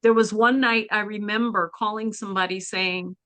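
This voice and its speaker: A woman guest on a podcast telling a personal spiritual story in an earnest, halting way. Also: mid-range voice, fairly even intonation, pushed and bright, clean tone, no echo.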